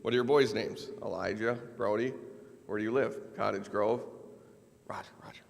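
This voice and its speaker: In a big event hall with long reverb, a Minnesota man delivers a keynote, sharing a personal anecdote laced with dry, self-mocking humor. His voice sits fairly low and has a bit of brightness.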